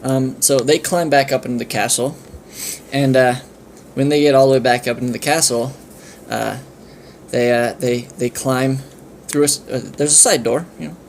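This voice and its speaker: A man's voice: mid-range voice, steady tone, moderate pace, gravelly, a little hiss or hum. A man telling an improvised comic story in a casual, rambling way. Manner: rambling, full of fillers and restarts.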